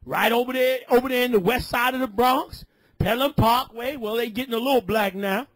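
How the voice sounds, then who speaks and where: A man preaching a fiery sermon, shouting and scolding his listeners. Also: very high-pitched, fairly quick, dry recording.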